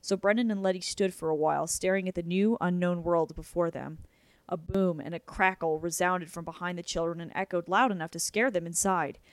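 A woman narrating a novel aloud in a steady, even storytelling manner. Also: on the low side, a little fast, dry recording. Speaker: audiobook narrator.

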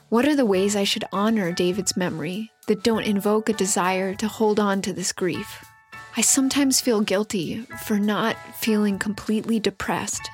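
A woman hosting a podcast reads a listener's letter in an earnest, steady voice of middle pitch. Soft music plays faintly behind her. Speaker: podcast host. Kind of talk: reading a listener letter aloud.

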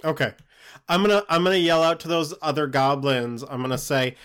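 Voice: mid-range voice, steady tone, brisk, fairly bright tone, clear, resonant tone. A player in a tabletop game, talking casually and animatedly.

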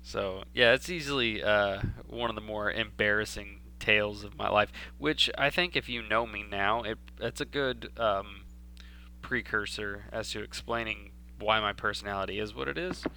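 A young man from Texas telling a story in casual chat, animated and swearing freely. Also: on the low side, moderate pace, creaky. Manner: animated, swearing, acts out voices in his story. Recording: faint background hum.

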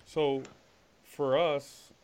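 A man's voice: a little high, level tone, extremely slow. A man hosting a casual podcast chat, telling stories and leading the talk. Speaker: podcast host. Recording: clear background noise.

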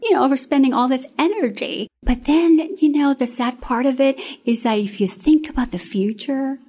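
A woman's voice: sits high, normal speed, warm tone. A woman in her fifties, an author, speaking earnestly and with emphasis in a faith interview. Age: 50s. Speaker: author and guest.

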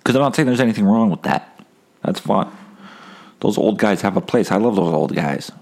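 Deep gravelly-voiced guy ranting on his podcast, swears a lot, rambly and wry. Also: lively intonation, normal speed, a little mellow. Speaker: podcast host. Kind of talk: casual solo podcast rant.

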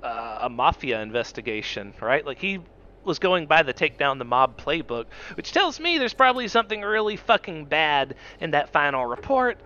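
A man co-hosting a podcast, talking cynically in casual swearing banter. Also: fairly high pitch. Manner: animated, cynical, breaks into mock voices. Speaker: podcast co-host. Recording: dull lo-fi audio with faint background noise.

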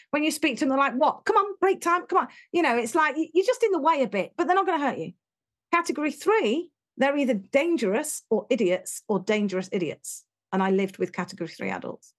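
A British woman talking in an interview, telling stories in an animated, emphatic way and acting out what people said. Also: sits high, quick pace. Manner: animated, emphatic storyteller who acts out quotes. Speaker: interview guest, education speaker. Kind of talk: conversational interview.

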